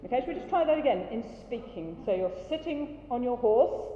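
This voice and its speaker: A woman coaching a choir through a rehearsal, brisk and encouraging, demonstrating sounds as she goes. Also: fairly high pitch, expressive, mellow, slight background noise. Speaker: choir director. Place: large rehearsal hall. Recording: dull roomy hall recording, faint ambience.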